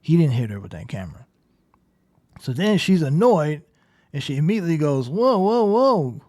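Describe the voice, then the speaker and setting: A man's voice: fairly high pitch, sing-song, a little fast, mellow. A man giving casual, critical commentary over game footage, talking in a loose, conversational way with lots of "like" and "right?". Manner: conversational, full of "like" and "right?", keeps pointing things out; critical, incredulous.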